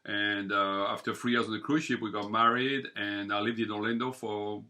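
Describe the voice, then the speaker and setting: A man's voice: fairly low pitch, level tone, moderate pace, bright, forceful tone. A man in his fifties from France with a French accent, talking chattily as an interview guest, with many fillers. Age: 50s. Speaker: guest, bakery owner. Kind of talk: casual interview.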